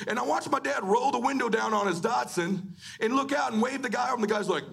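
A middle-aged man giving a live motivational speech to an audience, swinging between emphatic shouting and hushed, emotional delivery. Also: extremely high pitch, quick pace, gravelly, slightly rough. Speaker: motivational speaker. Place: event hall before a live audience.

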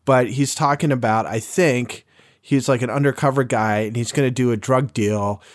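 A man's voice: mid-range voice, moderate pace, no echo, clean studio sound. Rambling man retelling scenes. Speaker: podcast panelist. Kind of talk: casual review chat.

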